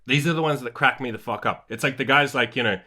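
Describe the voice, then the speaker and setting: A man's voice: mid-range voice, fast talker, pushed and bright. A male podcast host talking in a blunt, laid-back way, swearing freely in casual chat.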